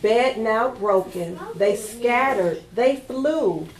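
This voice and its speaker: A woman's voice: on the high side, takes it slowly. A woman reading a picture book aloud at a library storytime, coaxing the children to join in. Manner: sing-song, animated, coaxing kids to join in. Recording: echoey room.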